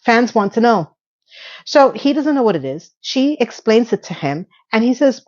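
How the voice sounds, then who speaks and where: A woman's voice: fairly high pitch, expressive, normal speed, dull audio. A woman recapping a TV episode in casual, sassy commentary, acting out the characters' lines.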